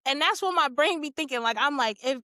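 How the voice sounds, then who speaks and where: A woman hosting a podcast in casual chat, animated and laughing often, acting out little quotes. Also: high-pitched, a little fast, no room sound. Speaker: podcast host.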